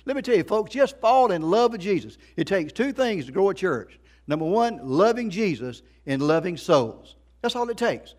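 A man's voice: high voice, very animated, normal speed, few pauses, darkish tone. A middle-aged man preaching a sermon as a pastor, emphatic, repeating phrases and asking the congregation rhetorical questions.

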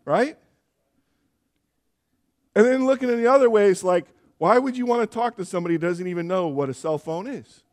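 Young guy pastor preaching, kinda high voice, earnest and pushing hard on the big points. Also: fairly quick, long pauses, darkish tone. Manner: earnest, building to emphatic exhortation. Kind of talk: sermon. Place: church.

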